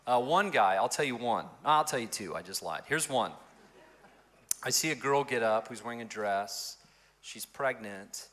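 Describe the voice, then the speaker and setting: A male pastor telling stories in an interview, in an animated and expressive way. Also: medium pitch, normal speed. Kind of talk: storytelling in an interview.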